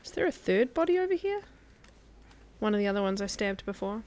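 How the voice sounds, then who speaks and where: A woman's voice: medium pitch, sing-song, fairly quick, a little mellow. Chatty woman streaming a survival game. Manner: chatty and laughing often. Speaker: guest streamer. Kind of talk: casual gameplay commentary.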